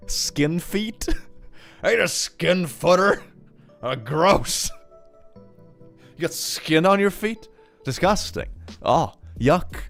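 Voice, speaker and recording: Young male streamer, bubbly, giggly, wildly swooping pitch; faint music bed. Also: creaky, darkish tone. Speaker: streamer reading donations. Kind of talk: casual livestream chat.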